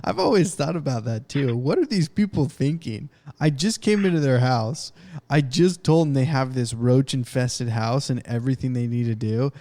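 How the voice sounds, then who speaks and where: A man in a casual podcast chat with a medium-pitched voice. He talks in a relaxed, matter-of-fact way and fills pauses with "I mean". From California. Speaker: podcast co-host.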